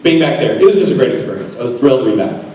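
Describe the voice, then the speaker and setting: A man's voice: mid-range voice, big pitch swings, racing, mellow, recorded from a distance. A man in his forties telling rambling, self-mocking stories to a convention audience. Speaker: convention panel guest. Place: large convention hall. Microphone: phone recording from the audience. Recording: echoey hall recorded from afar on a phone.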